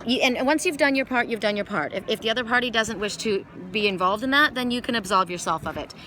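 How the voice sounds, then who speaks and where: A woman's voice: fairly high pitch, quick pace, sharp tone, slight background noise. A woman giving a casual oracle card reading outdoors by the water, talking in a rambling way with many restarts. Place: outdoors by water in a wooded glen.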